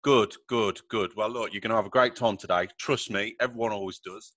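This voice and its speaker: Chatty male podcast host, jokey, a bit low-pitched, close and dry. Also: steady tone, a little fast, no echo. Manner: chatty, jokey, laughs loudly. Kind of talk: casual podcast chat.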